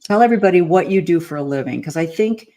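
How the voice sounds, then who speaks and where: Lower-voiced woman host prompting her guest. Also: lively intonation, fast talker, mellow. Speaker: interview host. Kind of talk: casual conversation.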